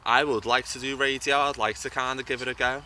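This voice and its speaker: A man's voice: mid-range voice, steady tone, fast, sharp tone, a little hiss or hum. A young man talking casually as an interview guest, hesitant and often repeating words as he thinks, outdoors by a bridge. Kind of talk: casual chat.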